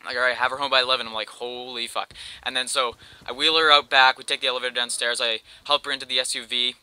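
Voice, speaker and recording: Bright, slangy young Canadian guy telling a story. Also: mid-range voice, steady tone, racing, clean tone, no room sound, rough recording. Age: young adult. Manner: rambling, slangy, with lots of "like". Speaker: gameplay commentator. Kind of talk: casual storytelling over gameplay.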